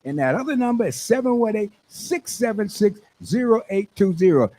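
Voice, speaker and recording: An older man, a radio station manager hosting his talk show, hyping an event with exuberant, preachy shouts. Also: high voice, normal speed. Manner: exuberant, preachy call-and-response, shouts when excited. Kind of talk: hyped radio promo talk.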